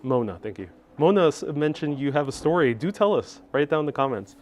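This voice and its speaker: A man's voice: on the high side, animated, fast. A man giving a chatty live-stream tour from a skyscraper observation deck, reading out viewer comments as he goes. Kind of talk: casual live-stream narration. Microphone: wireless clip-on mic with phone on gimbal.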